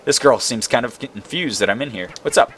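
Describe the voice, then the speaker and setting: A young man commentating a video game, excitable and quick to exclaim. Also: medium pitch, a little hiss or hum. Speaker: gaming video host. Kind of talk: let's play commentary.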